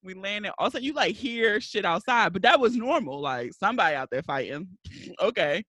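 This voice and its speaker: A woman's voice: mid-range voice, animated, brisk, a bit bright, dry recording. A woman from Baltimore hosting a podcast, telling a story in casual chat and laughing her way through it. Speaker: podcast host.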